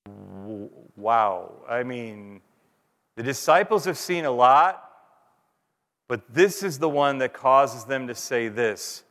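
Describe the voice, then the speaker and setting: Pastor preaching in a reverberant hall. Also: male voice, mid-range voice, animated, a bit bright. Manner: conversational, self-deprecating humor, dramatic pauses. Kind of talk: sermon. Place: church sanctuary. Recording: long reverb of a large hall.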